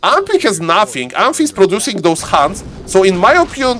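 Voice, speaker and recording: A man giving live game commentary as the caster, excitable and laughing often, repeating set phrases. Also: sits high, normal speed, hardly any pauses, slight background noise. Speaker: esports caster.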